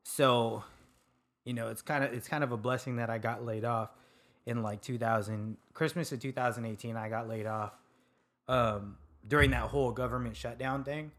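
Brief: easygoing young guy from Sacramento, casual storyteller, laughs a lot, salty language, middle-pitched voice. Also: fairly even intonation, normal speed, a bit bright. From Sacramento, California. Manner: laid-back, laughs often, swears freely. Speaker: podcast guest, food truck owner.

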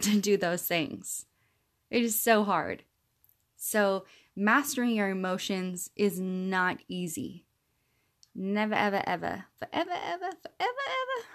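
A woman in her thirties hosting a self-help podcast, talking in an earnest, encouraging, chatty way with the odd laugh. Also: mid-range voice. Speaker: podcast host.

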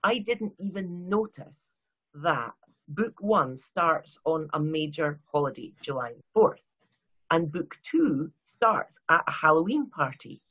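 A woman's voice: low-pitched, animated, unhurried, a bit bright, husky, dull audio. A Scottish woman being interviewed as a guest author, chatty and self-deprecating, rambling with many restarts. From Scotland. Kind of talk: casual interview chat.

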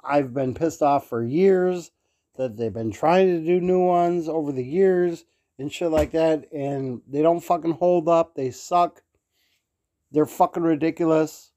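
A man's voice: fairly high pitch, a little slow, warm tone. A man hosting his own podcast, ranting alone with heavy swearing and many fillers. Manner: angry, swearing, rambling with fillers. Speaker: podcast host. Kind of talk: solo profanity-laden rant.

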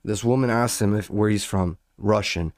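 A man's voice: lowish voice, moderate pace, no echo, studio quality. A young man casually telling a rambling, profane story as a podcast host, full of slang and building into outrage.

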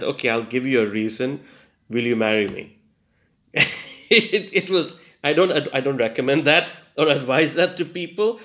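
A young man with a gravelly, creaky edge to his voice tells his personal story in an earnest, halting way. He stumbles through fillers and restarts and laughs at himself now and then. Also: medium pitch, a bit bright. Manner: hesitant, many fillers and restarts. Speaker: testimony speaker. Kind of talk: personal testimony.

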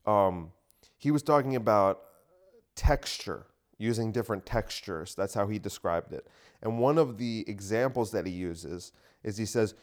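A man delivers a casual solo podcast monologue, ranting bluntly and swearing freely. His voice sits on the low side. He records alone in a home gym room. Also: measured pace. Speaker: comedian podcast host.

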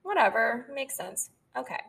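Young female podcast co-host, slightly high voice, lively casual storyteller who quotes others and breaks into laughter. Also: normal speed, gravelly, slightly rough. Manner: animated, quotes people in her own voice, laughs often.

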